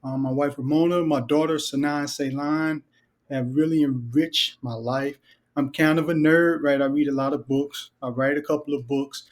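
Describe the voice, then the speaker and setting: Middle-aged detroit guy, chill and jokey, kinda higher voice, podcast guest. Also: moderate pace. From Detroit, Michigan. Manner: relaxed, joking, reflective. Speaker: guest author and educator. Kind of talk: casual interview talk.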